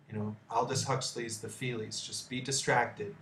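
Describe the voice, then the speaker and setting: A man's voice: medium pitch, flat delivery, normal speed, few pauses, fairly bright tone, slight background noise. Profane ranting man in an echoey room. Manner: profane, heated, blunt asides. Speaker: video host. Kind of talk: ranting commentary on news articles.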